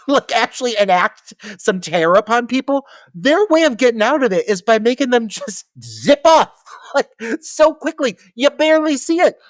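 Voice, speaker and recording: A man's voice: high voice, dry recording. A man co-hosting a podcast, recapping a horror film in casual, profane chat and laughing as he goes. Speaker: podcast co-host. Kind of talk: casual movie-review chat.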